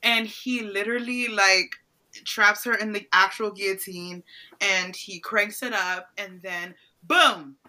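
A woman's voice: medium pitch, fairly even intonation, a little slow, bright, forceful tone, low-quality recording. A woman chatting casually on a podcast, recapping a horror film, laughing often and acting out the characters' lines. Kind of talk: casual movie recap chat.

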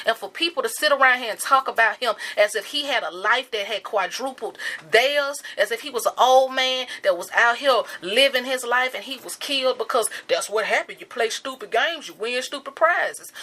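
Woman, bright forceful voice, slightly high; impassioned commentary. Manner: angry, emphatic and repetitive. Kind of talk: impassioned monologue.

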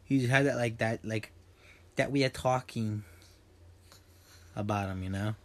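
This podcast host is a young man whose voice is on the low side and whose pace is unhurried. He chats casually, wandering between topics, cracking jokes, cursing a lot, and letting sentences fade into filler words.

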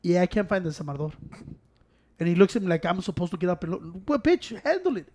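A man in casual chat, telling animated stories full of quoted voices and swearing, switching between Spanish and English. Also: high voice, fast.

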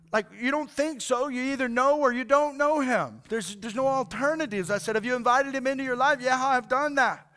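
A man's voice: sits high, pushed and bright. A middle-aged male pastor preaching a sermon in a casual, fired-up way, often saying "man" and "like".

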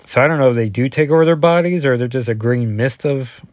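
A man's voice: mid-range voice, quick pace, a little mellow, no room sound, clean studio sound. Chatty man recapping a comic. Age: 40s. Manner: rambling, with fillers and asides. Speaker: comic book reviewer.

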